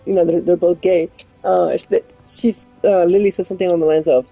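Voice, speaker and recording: A woman's voice: lowish voice, fast talker, dark tone, breathy edge, soft background music. A woman chatting casually while streaming a game, rambling and laughing often. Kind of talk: casual chat while gaming.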